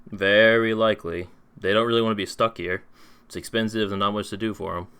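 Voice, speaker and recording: A man playing a busy male tavern barkeep who talks in a brisk, apologetic, chatty way. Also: lowish voice, steady tone, pushed and bright, clear, resonant tone. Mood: harried.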